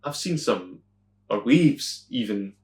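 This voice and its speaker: A man's voice: lowish voice, sing-song, slow, echoey room. A young man co-hosting a podcast in casual chat, chiming in with short reactions and dry quips. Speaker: podcast co-host.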